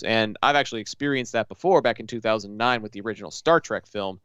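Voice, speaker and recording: A man co-hosting a casual podcast, telling stories with lively quoted asides. His voice is smooth and clear, recorded dry on a close mic. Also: medium pitch, fast, hardly any pauses, dry recording, lo-fi sound. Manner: storytelling, animated retelling with quoted asides. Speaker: podcast co-host. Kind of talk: casual chat.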